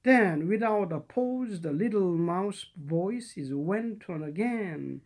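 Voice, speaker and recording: Slow, gentle storybook reader. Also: medium pitch, animated. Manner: slow and unhurried, with small stumbles and restarts. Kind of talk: reading a classic children's story aloud.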